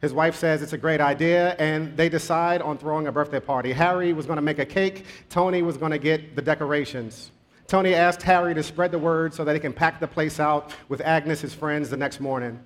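A male preacher tells a story in his sermon, in a conversational tone. His voice is a bit high for a man. He speeds up and slows down to shape the story. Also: fairly even intonation. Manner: conversational, with shifting pace.

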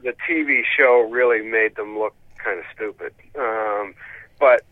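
A Canadian man talks in a relaxed, halting way, dropping dry jokes. He comes through a thin, phone-like line with a dead-dry sound. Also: fairly low pitch, no room sound. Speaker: co-presenter. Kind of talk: casual radio chat.

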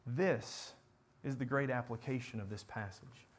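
A man preaching a sermon, building to impassioned repeated questions and sinking to quiet, earnest prayer. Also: mid-range voice, unhurried, husky. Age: adult parent.

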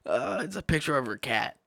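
A young man chatting casually with a friend on a stream, swearing freely and breaking into loud laughter. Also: fairly high pitch, gravelly, no room sound, clean studio sound. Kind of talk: casual chat.

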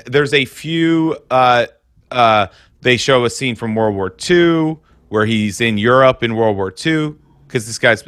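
A podcast co-host with a bright voice rambles through a casual chat about a film, heavy on fillers and jumping up in pitch for mock impressions. There's no room sound.

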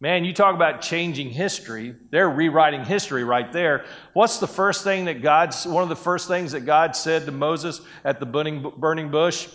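A man's voice: a little high, normal speed, few pauses, a bit bright. A man preaching a sermon in a conversational way, breaking into acted-out quotes of people. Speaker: pastor.

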